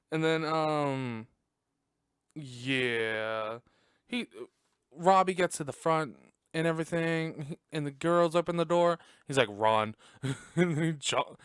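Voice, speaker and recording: A man's voice: fairly high pitch, slow, fairly bright tone, smooth, no echo. A man hosting a podcast, recapping a movie in casual chat, swearing and laughing often, in a room at home on a close desk mic. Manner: chatty, profane, laughs often. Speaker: podcast host.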